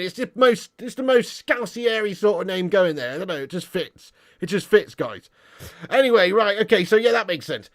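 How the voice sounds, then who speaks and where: Bloke hosting a footy stream, high voice, taking the mick, calls everyone mate. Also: male voice, expressive, fairly quick, fairly bright tone. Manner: mocking banter, lots of "mate" and "lad". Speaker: football channel livestream host. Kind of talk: casual livestream chat reading super chats.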